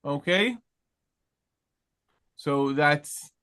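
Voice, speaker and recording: Slow, patient man teaching Hebrew grammar. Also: a little high, fairly bright tone. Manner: patient, frequent "okay?" check-ins, questions to students; slow deliberate pace with many pauses and restarts. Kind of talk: live online class, explaining grammar.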